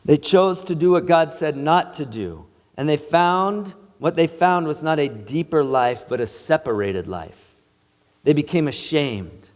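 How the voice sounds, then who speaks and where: A man's voice: a little high, animated, measured pace. Earnest male pastor in a reverberant church. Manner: earnest, emphatic preaching. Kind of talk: sermon. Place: church sanctuary.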